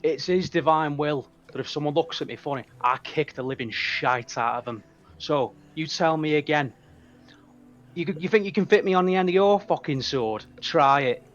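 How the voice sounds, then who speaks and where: A man's voice: fairly high pitch, very animated, unhurried. A man voicing a crude, belligerent male goblin cleric who swaggers and picks fights, on a slightly dull mic.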